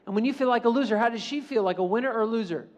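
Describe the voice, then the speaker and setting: A man's voice: very high voice, rapid-fire, a little mellow, voice pushed up. A man voicing a patient but firm schoolteacher who questions a pupil and instructs him. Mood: instructive.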